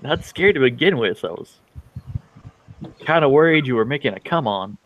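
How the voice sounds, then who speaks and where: A man's voice: mid-range voice, animated, moderate pace, narrow, tinny audio, slight background noise. A man playing a tabletop role-playing game, describing his character's actions hesitantly with many fillers. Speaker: player. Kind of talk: casual tabletop play.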